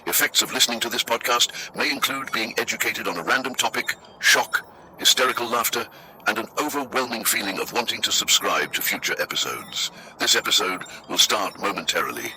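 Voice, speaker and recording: A man announcing a mock broadcast interruption as the show intro, crisp and formal. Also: lowish voice, brisk, bright, forceful tone, slight background noise, low-quality recording.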